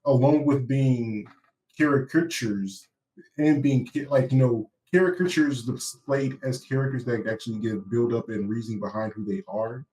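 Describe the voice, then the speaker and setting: A man's voice: medium pitch, moderate pace, dark tone. A man co-hosting a podcast in a casual discussion, searching for words with many fillers. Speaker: podcast co-host. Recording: voice a bit far from the mic.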